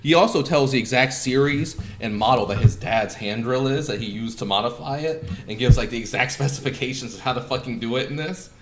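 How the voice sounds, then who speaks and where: A man's voice: medium pitch, a little fast, hardly any pauses, noisy background. A man hosting a casual podcast, talking in a profane, sarcastic, rambling way. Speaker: podcast host.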